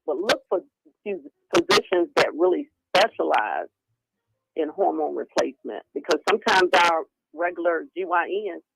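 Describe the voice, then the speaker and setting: A woman guest on a podcast, talking in a casual, animated way and often acting out what other people say, heard over a remote call line. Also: low voice, normal speed, vocal fry, slightly rough, no room sound, low-quality recording. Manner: animated, acting out quoted voices. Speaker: guest speaker on women's health. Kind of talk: casual conversational interview.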